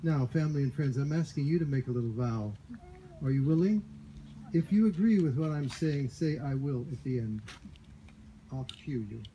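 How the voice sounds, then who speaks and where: A man's voice: mid-range voice, expressive, normal speed, dull audio, noisy background. A man leading a wedding ceremony, reading vows phrase by phrase for the couple to repeat, with joking asides. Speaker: wedding officiant.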